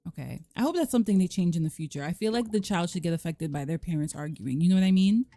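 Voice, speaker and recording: A woman hosting a let's play, giving casual, animated commentary and voicing her characters' lines with sass. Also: fairly low pitch, quick pace, dry recording, clean studio sound.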